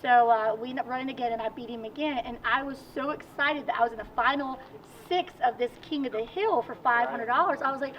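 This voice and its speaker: A woman's voice: high-pitched, fast, hardly any pauses. Chatty woman racer, distant outdoor mic. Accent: Virginian. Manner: chatty, animated storytelling. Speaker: guest, amateur racer. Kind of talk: casual interview chat. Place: outdoors at a car show. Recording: distant mic, dull sound, faint noise.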